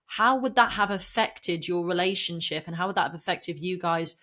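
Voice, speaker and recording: A woman's voice: on the low side, normal speed, bright, forceful tone. Woman, impassioned, emphatic, podcast guest. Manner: impassioned, emphatic, laughs often. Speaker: guest, property and mindset coach. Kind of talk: animated podcast conversation.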